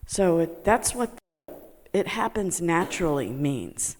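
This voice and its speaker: A woman telling a personal story to a group, halting with many fillers and laughing as she talks. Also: mid-range voice, lively intonation, long reverb tail. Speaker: meditation student sharing a testimony.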